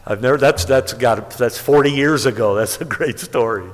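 A man preaching a sermon, telling stories and rising to emphatic high peaks. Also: normal speed. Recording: long hall reverb.

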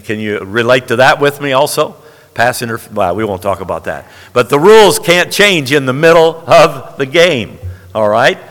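A man's voice: medium pitch, bright, forceful tone, big-room sound. A man preaching a sermon to a congregation, emphatic and folksy, often asking "all right?". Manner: emphatic, frequent "all right?" check-ins.

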